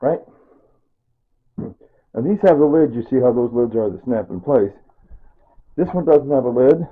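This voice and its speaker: A middle-aged man from Kansas rambles cheerfully through a home cooking vlog, checking in with "right?" and "see?" after his asides. His voice is husky and sits at an ordinary pitch. The sound is thin and tinny, as if heard through a phone. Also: lively intonation, moderate pace. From Kansas, USA. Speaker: vlogger.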